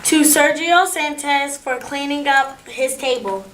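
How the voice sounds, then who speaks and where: A woman on a school's staff reading out student awards in a halting way. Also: high-pitched, fairly bright tone. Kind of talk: school announcements. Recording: echoey room with faint noise.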